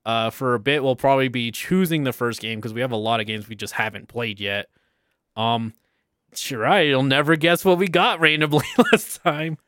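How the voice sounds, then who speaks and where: A man's voice: mid-range voice, moderate pace, fairly bright tone, clean tone, no room sound, clean studio sound. A young man co-hosting a casual podcast chat, rambling and laughing often. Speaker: podcast co-host.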